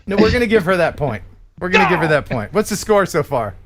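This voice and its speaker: A man's voice: high voice, fast talker, heavy background noise. An American man hosting a live-stream quiz, laughing and chatty as he reads out words. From United States. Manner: lively, laughing quizmaster. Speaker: host.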